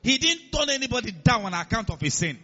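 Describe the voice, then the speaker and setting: A man's voice: very high-pitched, very animated, fast, sharp tone, lo-fi sound. A man preaching a sermon, emphatic, quoting scripture and calling on the congregation to follow along. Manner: emphatic, calls on the congregation to respond.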